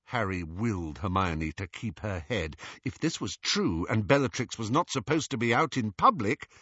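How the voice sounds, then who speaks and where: Animated, bright male audiobook narrator. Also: on the low side, moderate pace, husky, no room sound, highs cut off. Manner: expressive, animated reading. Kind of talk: scripted narration.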